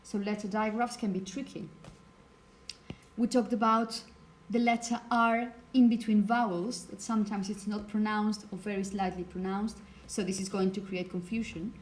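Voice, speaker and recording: A woman's voice: mid-range voice, steady tone, moderate pace, a little hiss or hum. A woman whose first language is Spanish, teaching a phonetics lecture to a class and checking in with "okay?" as she explains.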